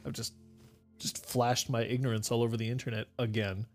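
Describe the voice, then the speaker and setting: A man's voice: mid-range voice, level tone, a little fast, soft background music. A young man running a tabletop game as game master, chatting casually and laughing at himself with his players.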